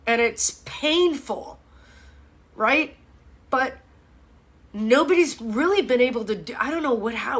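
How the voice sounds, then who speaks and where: This middle-aged fitness host from Miami, USA, runs a live-stream chat in a fairly high, bright and forceful voice. She talks bluntly, swears often and rants with strong feeling.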